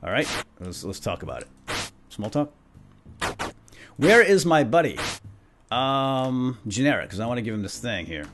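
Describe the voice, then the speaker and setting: Playful man with lively swings in pitch. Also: moderate pace, pauses often. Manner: playful, bantering with game characters. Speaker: let's play host. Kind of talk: casual gameplay commentary. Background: game music.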